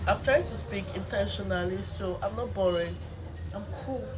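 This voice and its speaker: A woman's voice: medium pitch, moderate pace, over music. A woman in her twenties in a rambling, confessional venting vlog, at times talking like a child, recorded on a phone while she eats. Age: 20s. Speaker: vlogger. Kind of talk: casual venting monologue to camera while eating.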